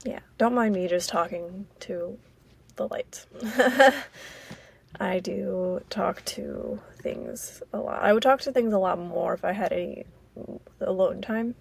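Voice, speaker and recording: An American woman from Maryland hosting a casual solo podcast, rambling and halting with many fillers. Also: medium pitch, gravelly, breathy edge. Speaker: podcast host.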